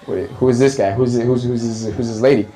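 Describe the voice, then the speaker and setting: A man voicing a stern male guard who challenges people, in a gruff lower voice. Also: steady tone, fairly quick, mellow, natural voice. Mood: suspicious.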